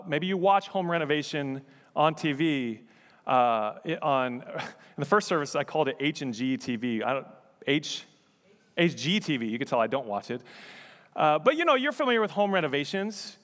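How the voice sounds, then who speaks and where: A man's voice: fairly high pitch, animated, normal speed, fairly bright tone, in a large hall. A male pastor preaching a sermon in a church, conversational with joking asides. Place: church sanctuary.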